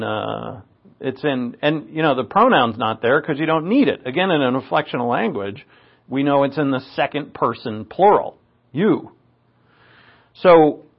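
Man, slightly high voice, Bible lecture on Greek grammar, emphatic, restarts phrases, dull lo-fi sound. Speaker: preacher teaching Greek. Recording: dull lo-fi recording.

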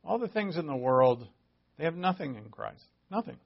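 Gravelly man preaching a casual sermon. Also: fairly high pitch, sing-song, moderate pace. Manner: conversational, emphatic, frequent restarts and asides. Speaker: pastor. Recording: dull lo-fi audio.

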